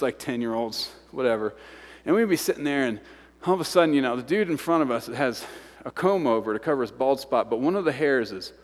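A high-voiced male pastor preaching in a large church hall with a long reverb tail. He acts out the voices in his story, jumping from excited shouts down to soft, hushed whispers. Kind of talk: sermon.

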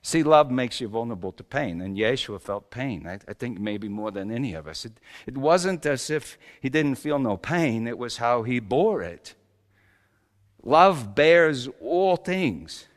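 A man's voice: medium pitch, sing-song, measured pace, long reverb tail. A man playing Joseph, a humble carpenter father, in a first-person dramatic monologue, telling stories in a folksy, chuckling way with loose grammar. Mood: reflective.

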